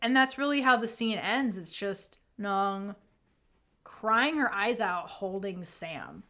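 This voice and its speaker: A woman's voice: medium pitch, very animated, slow, bright, forceful tone. A woman co-hosting a casual recap podcast, telling the story with lots of "like" and casual swearing, and acting out the characters' lines. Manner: swears casually, says "like" a lot. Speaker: podcast co-host.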